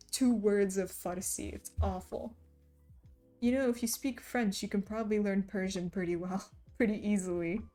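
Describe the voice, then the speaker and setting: Chatty, giggly woman streamer, mellow voice. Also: medium pitch. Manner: chatty and giggly, often laughing. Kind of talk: casual chat while reading chat aloud.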